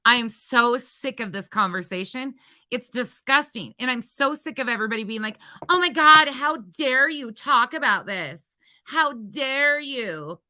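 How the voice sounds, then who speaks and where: A woman hosting a heated livestream with a piercing, very bright voice. She rants with profanity and talks straight at the people she is calling out. She hammers her points home by repeating phrases. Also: lowish voice. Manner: profane, confrontational ranting. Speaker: livestream host.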